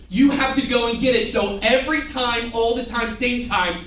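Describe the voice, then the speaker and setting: Very high-pitched and at normal speed, a man runs a live, jokey sales training, getting the staff to answer back in call-and-response drills. It's a large room with an audience, and the distant recording is echoey with a bit of hiss or hum.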